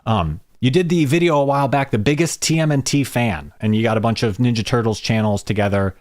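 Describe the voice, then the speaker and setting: A man hosting a podcast, asking questions in a relaxed, self-deprecating way. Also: mid-range voice, fairly quick, no room sound, clean studio sound. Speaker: podcast host. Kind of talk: casual podcast interview.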